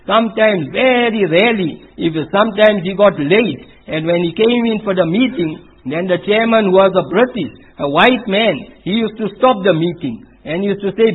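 A man with a high, husky voice gives a storytelling religious talk, his English peppered with Urdu religious terms. The recording is thin and tinny, like a phone line. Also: lively intonation, normal speed, few pauses. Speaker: speaker at a spiritual retreat.

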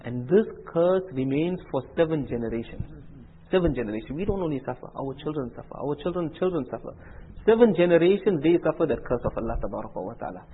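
A man delivers an Islamic sermon at a quick clip, earnest and repetitive, acting out the dialogue within his stories. His voice is husky and a little breathy. The recording is narrow and tinny, as if heard over a phone line. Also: a little high, long reverb tail. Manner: earnest, repetitive phrasing, animated quoted dialogue. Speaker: Islamic preacher. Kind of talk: sermon with storytelling.

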